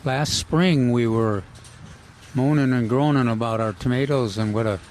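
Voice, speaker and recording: A man co-hosting a casual gardening radio chat, talking haltingly with many fillers and restarts. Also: mid-range voice, a little mellow. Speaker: gardening show co-host. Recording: outdoor nursery with faint noise.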